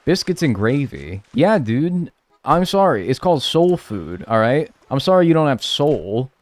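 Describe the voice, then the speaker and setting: An American man bantering with his live-stream chat as he plays. His pitch swings up and down a lot as he jokes, and he swears freely. His voice sits at a middle pitch. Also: very animated, measured pace, no room sound. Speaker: streamer playing a life-sim game.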